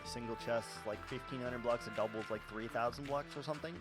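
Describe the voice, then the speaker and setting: A man's voice: mid-range voice, fairly even intonation, quick pace, over music. Profane Midwestern streamer man. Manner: profane, rambling, laughs at himself. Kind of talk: casual gaming livestream chat.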